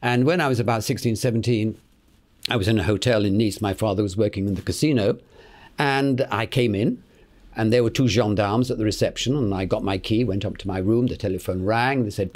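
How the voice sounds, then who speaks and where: A British actor around eighty, telling lively stories in an interview, chuckling and acting out the other people's voices. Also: male voice, lowish voice, a little fast. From Britain. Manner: lively raconteur, acts out the voices in his anecdotes, chuckling, repeats words. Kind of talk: anecdotal interview storytelling.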